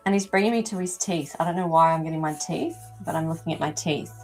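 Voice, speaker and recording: A woman's voice: low-pitched, fairly quick, a little mellow, faint music behind, low-quality recording. A woman hosting a live animal communication show, talking casually to viewers and thinking aloud with many ums. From not from America. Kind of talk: live-stream reading for viewers.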